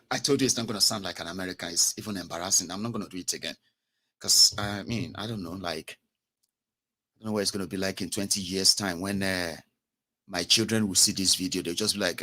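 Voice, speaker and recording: A young Nigerian man with a Nigerian English accent and Pidgin, giving a casual, animated commentary monologue as host. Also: on the low side, a little fast. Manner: animated, mocking, switches to Pidgin and Yoruba.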